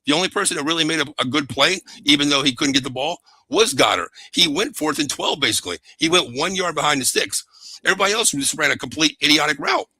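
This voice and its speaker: A man's voice: fairly high pitch, very animated, fast, husky, no room sound, low-quality recording. A man co-hosting a sports talk show, breaking down football plays in a fired-up way and often repeating his co-host's name. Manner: rants and shouts in frustration. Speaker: sports podcast co-host.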